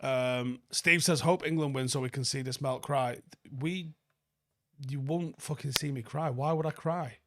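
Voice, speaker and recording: Manc bloke doing a live footy review, reads out chat n swears a lot, average pitch voice. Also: male voice, unhurried, fairly bright tone. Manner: blunt, sweary, reads viewer comments aloud and answers them. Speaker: football channel host.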